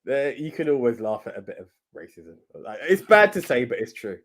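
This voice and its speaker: A man co-hosting a podcast in casual chat, excitable, swearing freely and acting out what others said. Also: medium pitch, a little fast. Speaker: podcast co-host.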